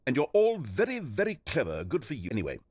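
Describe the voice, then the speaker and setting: Brief: haughty game narrator, sarcastic, with dramatic sweeps in pitch. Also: male voice, wildly swooping pitch, fast, mellow, slightly rough, no room sound. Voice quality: pompous, dry and mocking.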